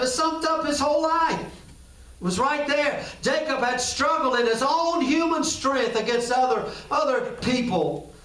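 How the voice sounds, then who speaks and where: An impassioned male pastor preaching a sermon and acting out scripture scenes as he goes. His voice sits high for a man. It is recorded from a distance and rings in an echoey room. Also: expressive, measured pace, fairly bright tone.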